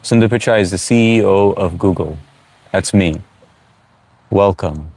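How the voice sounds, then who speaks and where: Speaking at a measured pace, this livestream host is a middle-aged man from the U.S. whose voice sits very low and deep. He chats casually and loosely, reading out comments from viewers with frequent "uh" fillers.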